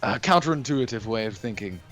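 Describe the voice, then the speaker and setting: A man's voice: medium pitch, expressive, a little fast, a bit bright, dull audio. A man co-hosting a gaming live stream over a voice call, playful and teasing, laughing easily. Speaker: co-host. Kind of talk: casual live-stream chat.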